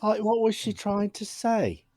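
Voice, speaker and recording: A woman voicing a nosy adventurer in a loud, plummy put-on English accent, in a tabletop game. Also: on the high side, sing-song, moderate pace, slightly rough, dry recording.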